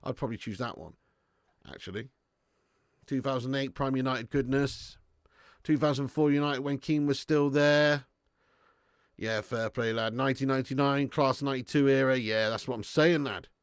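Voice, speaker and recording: In a clean studio recording with no echo, a man in his thirties hosts a live football watch-along. His voice is medium-pitched and moderately paced as he chats casually, swears freely and responds to viewers' comments.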